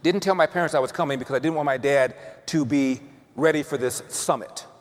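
A man's voice: mid-range voice, brisk. A man giving an emphatic storytelling speech, repeating words to build each point. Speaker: speaker telling a personal story. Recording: long reverb of a hall.

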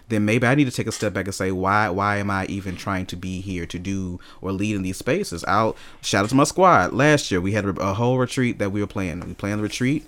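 Animated storyteller man, low voice. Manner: animated storyteller, swears freely. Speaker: podcast co-host. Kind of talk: casual chat.

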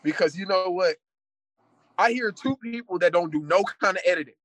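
A man's voice: high voice, a little fast, a bit bright, no room sound. A man hosting a podcast, joking and teasing his co-hosts in casual banter. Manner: joking, teasing, talks up segments. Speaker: podcast host.

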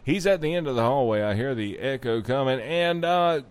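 A man's voice: medium pitch, animated, moderate pace, hardly any pauses, clean tone. A man hosting a podcast, reading a news story and riffing on it with profane jokes and frequent laughter. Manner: profane, joking, laughs often. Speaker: podcast host. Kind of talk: comic news commentary.

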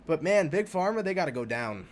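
A young man hosting a podcast, talking alone in a rambling, profane, animated way about spirituality, laughing often. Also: fairly high pitch, fairly quick. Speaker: podcast host. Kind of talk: casual spiritual podcast monologue.

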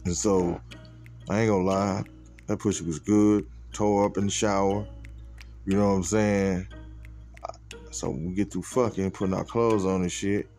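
With faint music behind him, a man hosting a podcast recounts something from his own life in a relaxed, foul-mouthed, chatty way, often saying things like "you know what I'm saying." The voice is low and a little mellow, with a steady tone, a measured pace, and many pauses.

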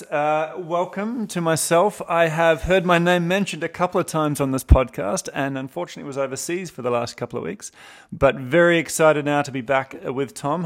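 Easygoing New Zealand man, fairly high voice. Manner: easygoing, self-deprecating. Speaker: podcast co-host. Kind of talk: casual podcast chat.

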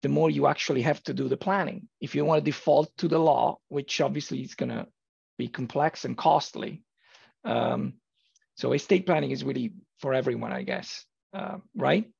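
A podcast host with a casual interviewing manner and a habit of drawn-out affirmations. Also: medium pitch, a little mellow, no room sound. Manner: gravelly, husky, drawn-out affirmations. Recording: dull lo-fi recording.

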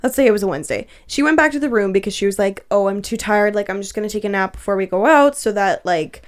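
A woman's voice: mid-range voice, fast. A young woman in her twenties telling a story in casual podcast chat, swearing a lot and laughing often. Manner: profane, laughing, animated storyteller.

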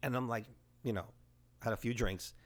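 A man in his forties from the Bronx with a New York accent, excitedly telling stories in casual chat. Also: medium pitch, moderate pace. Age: 40s. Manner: excitable storyteller, says bro and man, mild swearing. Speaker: podcast co-host.

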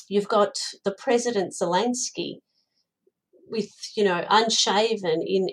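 A woman's voice: medium pitch, rough recording. A woman who organises her Ukrainian diaspora community, answering interview questions in an impassioned, earnest way and often repeating words.

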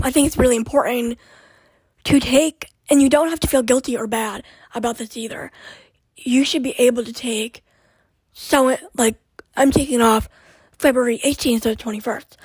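High-voiced young woman chatting on her podcast. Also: breathy edge, dry recording. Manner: rambling, chatty, with many fillers and restarts. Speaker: podcast host. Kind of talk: casual chat.

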